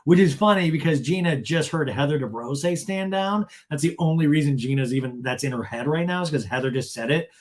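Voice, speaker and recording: A man's voice: medium pitch, quick pace, few pauses. A man hosting a podcast, wryly recapping a reality show episode in a casual way, full of "like". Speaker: podcast host.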